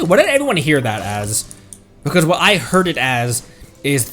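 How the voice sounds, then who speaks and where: A man's voice: on the high side, wildly swooping pitch, moderate pace, fairly bright tone, soft background music. A man live-streaming a game in casual commentary, goofy and jokey, laughing at his own puns and reading in-game lore aloud.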